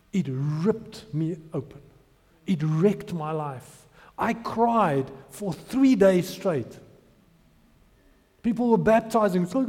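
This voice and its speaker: A man's voice: a little high, dark tone. A man in his thirties preaching a sermon, telling his testimony with emotional, rising emphasis. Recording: long hall reverb.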